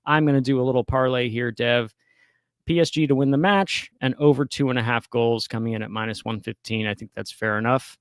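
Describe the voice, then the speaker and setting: Brief: relaxed male betting podcast co-host, jokey and chatty, dry close mic. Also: medium pitch, brisk, no echo. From United States. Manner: laughing, joking, easygoing. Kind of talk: casual sports betting chat.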